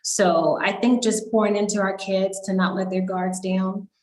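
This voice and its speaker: A woman's voice: mid-range voice, fairly even intonation, normal speed, darkish tone. A woman doctor on a video call town hall, explaining health guidance in a reassuring way. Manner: reassuring, explanatory, frequent "you know". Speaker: doctor panelist.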